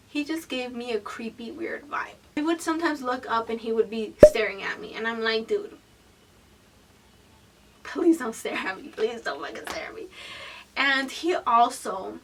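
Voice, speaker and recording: Woman, 20s, high-pitched, slightly off-mic, blunt and expressive storytime narration. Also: recorded from a distance, slight background noise. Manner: animated, profane, candid storytelling; swings between loud bursts and hushed whispered asides. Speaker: vlogger. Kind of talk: storytime vlog.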